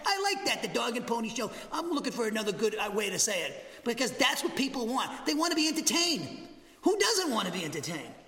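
A man's voice: very high-pitched, huge pitch swings, a little fast, pushed and bright. A man with a Southern American accent teaching an expository Bible lesson in a church, emphatic and often repeating and restarting his phrases. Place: church sanctuary. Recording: echoey hall with long reverb.

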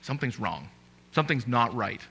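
Bright-voiced male pastor preaching. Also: mid-range voice, lively intonation, moderate pace, gravelly, husky. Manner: emphatic preaching, rhetorical questions to the congregation. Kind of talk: sermon.

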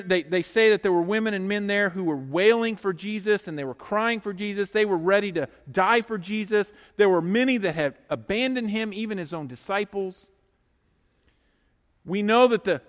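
A man preaching a sermon, swinging between hushed, slow lines and loud, urgent ones. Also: high voice, big-room sound.

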